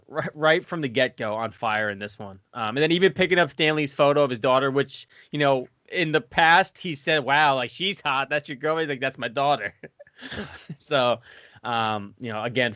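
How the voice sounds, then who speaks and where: A man co-hosting a casual podcast, relaxed and hesitant, full of fillers. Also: medium pitch, smooth, no room sound. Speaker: podcast co-host. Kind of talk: casual chat.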